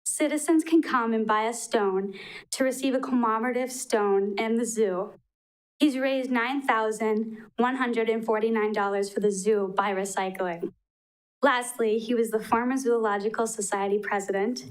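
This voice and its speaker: A woman's voice: fairly high pitch, steady tone, normal speed, poor audio. A young woman from Wisconsin reading an earnest prepared tribute at a council meeting podium microphone, a little emotional. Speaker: public commenter. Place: council chamber.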